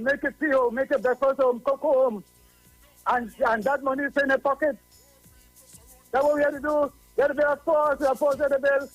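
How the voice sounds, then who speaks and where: A man's voice: very high-pitched, dry recording. A man with a Trinidadian accent calling in to a radio show, preachy and repeating himself for emphasis. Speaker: radio caller. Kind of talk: call-in radio talk. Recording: dull lo-fi call-in line.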